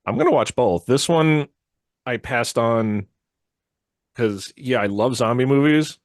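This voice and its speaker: A man's voice: mid-range voice, animated, measured pace, no room sound. A man in his thirties co-hosting a podcast, joking and easygoing in casual chat. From United States. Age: 30s. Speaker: podcast co-host. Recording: dry close sound.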